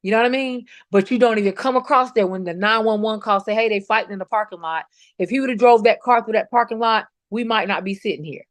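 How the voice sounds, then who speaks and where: A woman's voice: fairly high pitch, fast talker, dry recording. A middle-aged woman, a bereaved mother telling her story in a podcast interview, emphatic and quoting her own words. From North Carolina. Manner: emphatic, retells confrontations, quotes herself. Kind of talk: personal account in a podcast interview.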